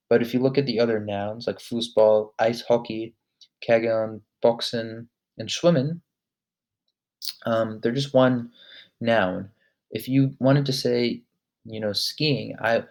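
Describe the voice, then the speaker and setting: Casual man teaching vocabulary. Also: fairly low pitch. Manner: relaxed, many ums, repeats each word slowly. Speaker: language lesson host.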